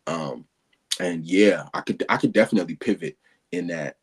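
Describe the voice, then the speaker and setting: A man's voice: low-pitched, normal speed, husky. A man in a casual conversation, earnest and agreeable, reflecting on his own habits. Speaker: guest being coached.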